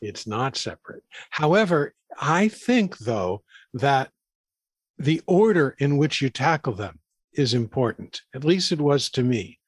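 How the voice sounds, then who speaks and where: A man at an ordinary pitch speaks in a thoughtful, earnest way, often restarting phrases as he works through a point. His voice is dry and close, heard over a video call. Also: big pitch swings, unhurried, slightly rough, no echo. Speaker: podcast co-host. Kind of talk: casual conversation.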